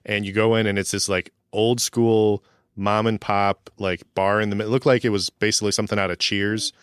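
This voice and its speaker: A man with a lower, smooth and resonant voice tells easygoing anecdotes on a podcast. His delivery is relaxed, and the sound is dry and close. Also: brisk, dry recording. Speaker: podcast co-host. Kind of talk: casual chat.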